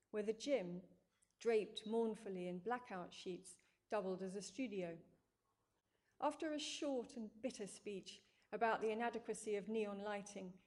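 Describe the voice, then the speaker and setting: A woman reading fiction aloud in a calm, measured, dryly wry way. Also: medium pitch. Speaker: narrator. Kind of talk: scripted narration.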